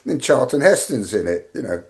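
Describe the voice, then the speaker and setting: A man's voice: mid-range voice, sing-song, normal speed, darkish tone. An older man with an English accent, a guest in an interview, telling rambling anecdotes full of fillers and restarts. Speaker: guest, veteran tour manager.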